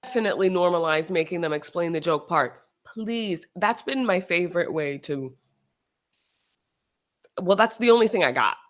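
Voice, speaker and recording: A host talking casually on a livestream, animated and sarcastic, often restarting sentences and trailing off. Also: mid-range voice, moderate pace. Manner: animated, sarcastic, shifts into mocking quoted voices.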